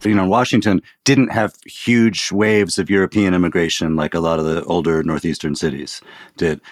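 A man's voice: low voice, steady tone, moderate pace, no echo, studio quality. A man hosting an interview, laying out context at length before he asks his guest a question. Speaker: podcast host.

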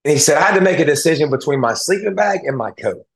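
A man's voice: fairly high pitch, lively intonation, fast, vocal fry. Earnest man telling a heartfelt story. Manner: earnest, emotional storytelling with many restarts. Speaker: guest, former football player and analyst. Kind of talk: casual interview talk.

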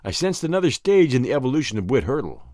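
Narrating a first-person novel for an audiobook at a quick pace, this man tells the story expressively, his pitch swinging widely. The sound is clean studio audio with no room sound.

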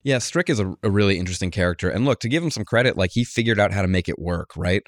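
Lower-voiced man telling an animated story. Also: very fast, no room sound, studio quality. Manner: animated storyteller, acts out quotes. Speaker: guest author, political journalist. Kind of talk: conversational interview.

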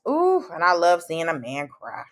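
Her voice sits lowish but swings hugely in pitch at a normal speed. She's a comedian and podcast host guesting on a show, playfully acting out her reactions in lively conversation, peppered with "like" and "girl."

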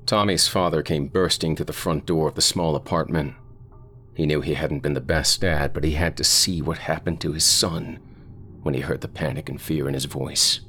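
A man reading scripted horror narration in a slow, brooding storytelling manner. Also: very deep voice, steady tone, bright, forceful tone, a little hiss or hum.

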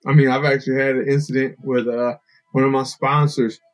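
A man's voice: mid-range voice, a little fast, rough recording. A man guest on a podcast, telling stories casually and acting out the people he quotes. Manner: animated, acts out quoted people. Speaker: podcast guest, fighter and bowhunter. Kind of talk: casual storytelling.

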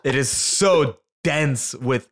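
Taking his time, a man hosting a laid-back conversation recounts a humorous story laced with profanity. His tone is a little bright, and he impersonates his friends with high voices.

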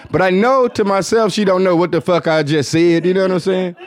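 With a Detroit accent, a man from that US city hosts a casual podcast chat, speaking a little fast with fairly even intonation. His delivery is low, mumbled, and hard to follow, rambling and profane, full of fillers.

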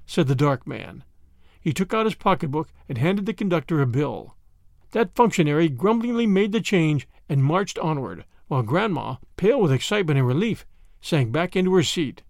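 Male storybook narrator, high-pitched and very lively, dry booth sound. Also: normal speed, vocal fry, no echo. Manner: expressive, animated reading.

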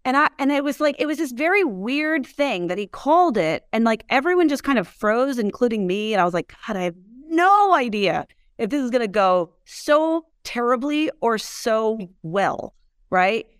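Her voice is a little high and sing-song, smooth and at a normal speed, captured as a dry, clean studio recording. As an interview guest who founded a whiskey brand, she chats casually, leans on filler words and keeps laughing through her stories.

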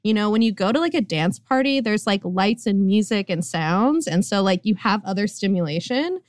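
A woman guest on a podcast, chatting casually, full of "like" fillers and quick laughs. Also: mid-range voice, expressive, no room sound, clean studio sound. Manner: laughing often, lots of "like" fillers. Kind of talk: casual chat.

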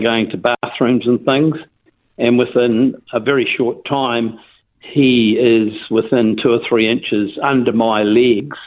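New Zealand man on a tinny phone line. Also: mid-range voice. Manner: rambling, with restarts and fillers. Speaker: interviewee. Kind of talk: phone interview, casual storytelling.

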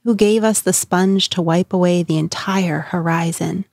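Brief: woman voicing impassioned madman, low-set voice, dramatic reading. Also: steady tone, normal speed, creaky, darkish tone, no echo, clean studio sound. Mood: anguished. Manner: impassioned, questioning. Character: anguished man crying out to the crowd.

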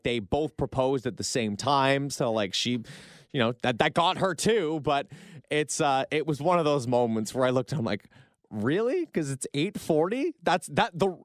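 A man's voice: fairly high pitch, no echo. Young canadian guy on morning radio, rambly storyteller, dry studio mic. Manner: rambling storyteller with many fillers. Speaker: radio morning show co-host. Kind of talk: casual radio banter. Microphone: studio microphone.

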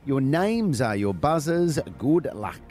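A man's voice: mid-range voice, sing-song, takes it slowly, darkish tone, faint music behind. A man with an Australian accent co-hosting a breakfast radio show, chatting casually and laughing easily. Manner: laughing, easygoing, rambling.

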